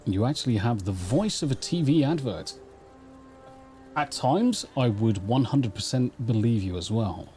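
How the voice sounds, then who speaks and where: A middle-aged Englishman with an English accent chats and rambles while live-streaming a game, speaking into a studio mic run through a mixing console. His mid-range, warm voice is expressive and a little slow, with faint music behind, and his banter is sweary and self-deprecating.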